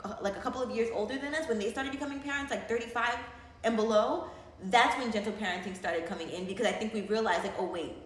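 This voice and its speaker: A young woman with a high voice speaks from a very echoey room, a little away from the mic. She drops wry, teasing comments in a relaxed chat. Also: fast talker. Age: young adult. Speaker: daughter co-host. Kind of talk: casual chat.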